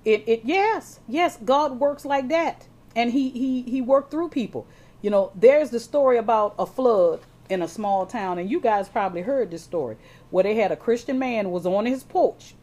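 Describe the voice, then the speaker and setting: A woman's voice: mid-range voice, darkish tone. Woman preacher, folksy, often stumbles on repeated words, keeps turning to her congregation. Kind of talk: sermon.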